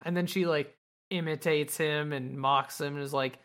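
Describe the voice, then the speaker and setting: A woman's voice: low-pitched, steady tone, unhurried. A woman podcast host casually recapping an anime episode, rambling and swearing with lots of fillers.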